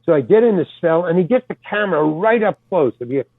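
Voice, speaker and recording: A man's voice: high voice, fast, dry recording. Older man telling stories over a tinny, dry line. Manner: animated storyteller, casual swearing. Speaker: guest actor. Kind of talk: storytelling anecdote in conversation. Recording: dry, tinny phone-like sound.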